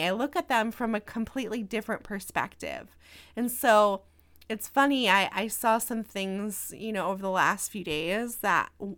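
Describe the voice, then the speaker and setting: Slow, chatty woman podcast host. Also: medium pitch, a bit bright. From American Midwest. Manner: chatty, reflective, with many "you know" and "right?" asides. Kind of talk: casual solo podcast talk.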